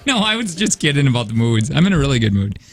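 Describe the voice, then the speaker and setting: A man's voice: mid-range voice, big pitch swings, fast. A man hosting a morning radio show, chatting casually, laughing often and acting out other people's lines while telling stories. He says he is tired. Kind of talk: casual banter. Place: radio studio.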